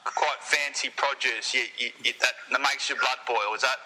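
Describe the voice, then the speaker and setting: A man's voice: mid-range voice, steady tone, normal speed, pushed and bright, in a large hall, poor audio. A man playing an agreeable podcast co-host in a comedy sketch.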